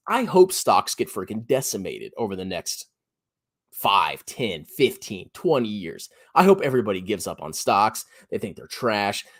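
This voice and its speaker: Blunt, lively finance guy in his thirties. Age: 30s. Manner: blunt, sarcastic, jumps to high mocking pitch. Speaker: personal finance YouTuber. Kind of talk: animated solo commentary.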